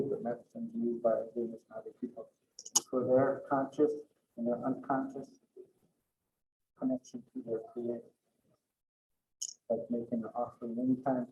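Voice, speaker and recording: A man giving a conversational teaching talk with storytelling, often repeating words and restarting his sentences. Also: medium pitch. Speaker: cultural educator. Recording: roomy slightly dull recording, faint noise.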